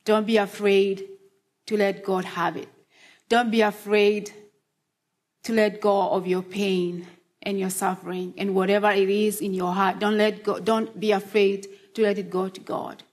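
A woman preaching a sermon in a slow, earnest, encouraging way, often asking questions of her listeners. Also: mid-range voice, flat delivery. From Australia.

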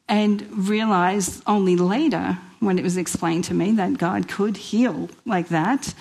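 A middle-aged woman from New York tells her own story to a church gathering, her accent plain in every line. She speaks earnestly and with feeling, pausing and restarting as she goes. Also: mid-range voice, fairly even intonation, gravelly, a little mellow, slightly rough, low-quality recording. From New York, USA. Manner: emotional, earnest, with hesitations. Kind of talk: personal testimony talk.

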